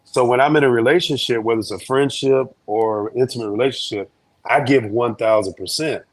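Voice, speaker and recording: A man's voice: mid-range voice, a little fast, dry recording. Guy spinning a funny story, slangy and loose, dry close sound. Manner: joking, slangy, animated storyteller. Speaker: guest. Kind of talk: casual storytelling in an interview.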